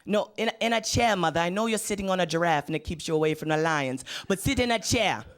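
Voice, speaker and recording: A man's voice: high-pitched, expressive, quick pace, a bit bright. A man voicing an overjoyed young man phoning his mother, speaking in a stiff, overly polite and formal way. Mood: excited, formal.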